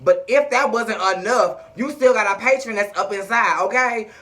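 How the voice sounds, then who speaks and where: A woman's voice: on the high side, moderate pace, a bit bright, slight background noise. Sassy, profane woman recapping TV. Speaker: TV episode recapper. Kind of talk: casual episode recap.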